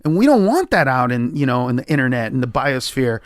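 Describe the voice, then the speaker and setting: On a podcast, a male comedian guest tells a story emphatically and profanely, acting out quoted lines with sudden pitch jumps. He's very animated and fairly quick, recorded with studio quality and no echo.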